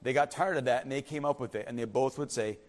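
A male pastor delivers a sermon at a quick pace in a medium-pitched voice. He is emphatic and repetitive, often tossing in "right?" and moving between loud declarations and quiet, confiding remarks.

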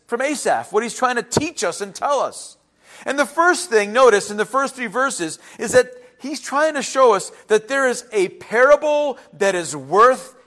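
A man with a notably high voice preaches a sermon as pastor. He swings between loud, emphatic declarations and soft, confiding asides. He sounds middle-aged.

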